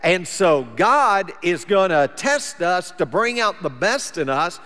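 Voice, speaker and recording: Male pastor, high voice, casual folksy preaching, long church echo. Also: animated, slow, pushed and bright, soft background music. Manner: conversational preaching, plain folksy wording. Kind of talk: sermon. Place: church sanctuary.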